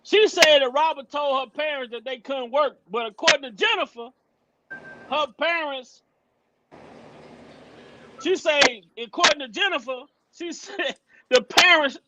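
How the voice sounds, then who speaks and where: A man hosting a casual opinion livestream, animated and profane, mocking people as he talks. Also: extremely high pitch, unhurried, highs cut off. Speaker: livestream host. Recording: loud background noise.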